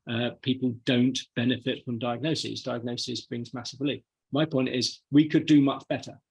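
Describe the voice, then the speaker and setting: British guy professor, kinda husky, keeps repeating his point hard. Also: mid-range voice. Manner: emphatic, insistent repetition. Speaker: psychology professor giving a talk. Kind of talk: public talk answering a question. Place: meeting hall.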